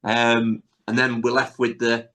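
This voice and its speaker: A man's voice: mid-range voice, completely flat delivery, unhurried, fairly bright tone. A man hosting a podcast, casually retelling sitcom scenes with many tag questions. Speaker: podcast host. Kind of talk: casual chat recapping a sitcom episode.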